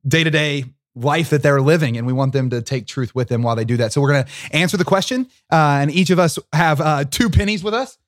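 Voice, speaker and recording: A man co-hosting a faith podcast in a studio, talking quickly and upbeat with a joking edge. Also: a little high, lively intonation, no echo. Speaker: podcast co-host.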